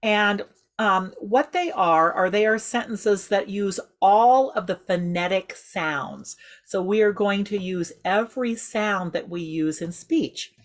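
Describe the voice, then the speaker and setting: A woman leading a group voice exercise over a video call, giving patient step-by-step instructions. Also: mid-range voice. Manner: patient, instructive, speaks in measured rhythm. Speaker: group voice and singing leader. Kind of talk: slow guided voice exercise class.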